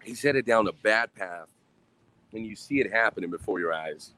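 Man, mid-thirties, low voice, rambling casual vlog talk over beer, swears freely, sighs between thoughts. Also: animated, normal speed, bright, forceful tone. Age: 30s. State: drinking beer.

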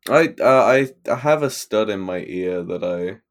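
Slow, low-voiced teasing man. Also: lively intonation. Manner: dry teasing humor. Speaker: podcast co-host. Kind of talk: casual chat.

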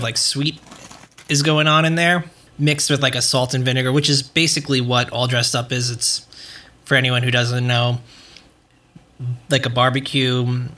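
A young man hosting a podcast in loose, rambling chat, swearing freely as he goes. His voice is bright and forward, pitched in a middle range. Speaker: podcast host. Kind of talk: casual chat.

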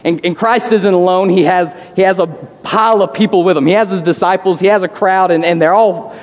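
A man's voice: sits high, steady tone, brisk, in a large hall. A man preaching a sermon as a pastor, earnest, often repeating words as he starts a phrase. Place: church sanctuary.

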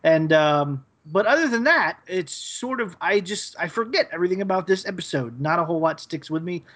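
A man co-hosting a podcast, giving a rambling, hesitant episode recap full of fillers and pauses. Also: high voice, lively intonation, a bit bright. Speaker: podcast co-host.

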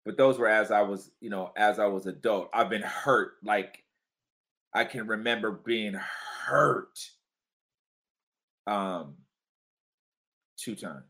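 Slow-talking man co-hosting a chat. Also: on the low side. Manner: teasing, laughs loudly, asks probing questions. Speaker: podcast co-host. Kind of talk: casual chat.

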